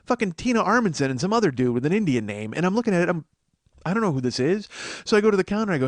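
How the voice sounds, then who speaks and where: A man's voice: a little high, big pitch swings, racing, dry recording. Male podcast host, comic storyteller, rambling and profane, dry close sound. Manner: rambling, profane, self-mocking. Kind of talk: comedic monologue.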